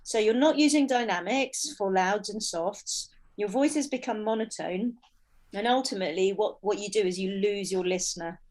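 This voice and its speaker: A woman voice coach talking through an interview with an expressive delivery. She shifts between louder and softer passages to show her point, with a mid-range voice. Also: mid-range voice, normal speed, low-quality recording. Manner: expressive, demonstrates loud and soft delivery. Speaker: voice and performance coach.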